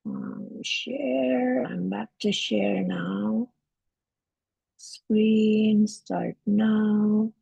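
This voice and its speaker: A woman hosting a live English lesson from home, talking in a relaxed, halting way with many fillers and restarts. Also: mid-range voice, vocal fry, slightly rough, dry recording, poor audio. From Canada. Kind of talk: casual livestream teaching.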